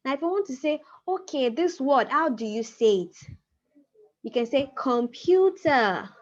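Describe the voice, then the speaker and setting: A woman teaching a language class over a video call, explaining patiently and slowing down to repeat key phrases. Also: high voice, animated. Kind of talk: online class lecture. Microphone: computer mic on a video call. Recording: muffled video-call audio.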